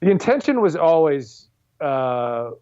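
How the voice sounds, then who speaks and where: A man's voice: fairly high pitch, very animated, slow, warm tone, smooth, no room sound, highs cut off. A man in his forties, a comic book artist and writer guesting on an interview show, talking casually with many fillers and restarts. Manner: rambling, self-deprecating, many fillers and restarts.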